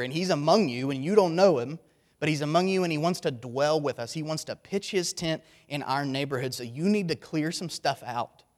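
A man preaching a sermon, earnest and emphatic, often repeating key words for weight. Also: on the high side.

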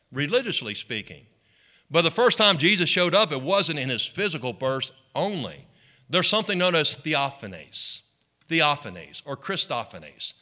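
Animated pastor, bright voice. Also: male voice, a little high. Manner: animated, leads call-and-response with the congregation. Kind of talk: sermon.

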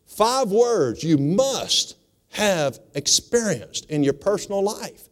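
A male pastor preaching an emphatic sermon in a church, stressing words with dramatic pauses. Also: high-pitched, big pitch swings. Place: church sanctuary, also broadcast by radio.

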